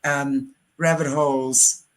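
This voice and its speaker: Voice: mid-range voice, little pitch movement, takes it slowly, rough recording. Earnest, impassioned interview host. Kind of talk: casual interview chat.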